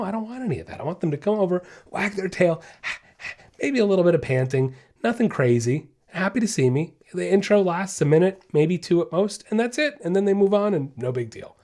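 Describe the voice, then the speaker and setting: Animated man explaining dog training. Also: fairly high pitch. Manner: animated, chatty, says "guys" and "okay?" often; acts out dog thoughts in quick voices. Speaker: dog trainer and podcast host. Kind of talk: casual instructional podcast talk.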